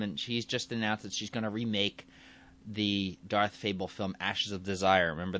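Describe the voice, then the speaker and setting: A man's voice: on the low side, fairly bright tone. A man casually retelling a story, rambling and correcting himself as he goes. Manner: rambling, self-correcting, chuckling.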